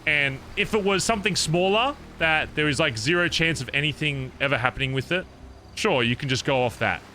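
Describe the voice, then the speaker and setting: Young male roleplay streamer, forceful and bright tone, animated and profane, telling a long story in character. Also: fairly high pitch, brisk, slight background noise. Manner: animated, profane, rambling recounting. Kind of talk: in-character storytelling to other players.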